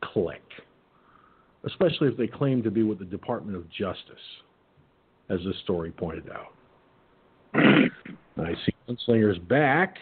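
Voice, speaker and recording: This husky talk radio host has a mid-range, somewhat low voice and tells his stories bluntly and profanely. The audio is squeezed into a narrow band, like a phone line.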